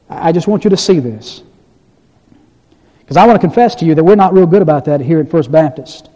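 A man's voice: fairly high pitch, dark tone. A man, a pastor, preaching a sermon in a church and reading scripture aloud with earnest emphasis. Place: church sanctuary. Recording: dull, echoey church hall recording.

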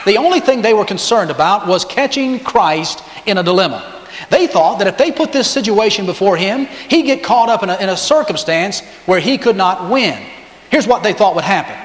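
A man's voice: high voice, expressive, moderate pace, reverberant, long reverb tail. A man preaching a sermon who tells the story with feeling and briefly acts out the people he quotes. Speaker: pastor.

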